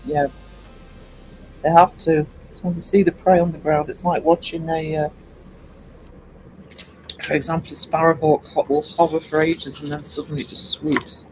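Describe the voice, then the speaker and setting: Male streamer, higher register, loose chatty delivery with frequent ums. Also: little pitch movement, normal speed, long pauses, soft background music, poor audio. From United Kingdom. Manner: rambling, chatty, greets chat by name, many ums. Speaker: livestream host. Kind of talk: casual live-stream chat with viewers.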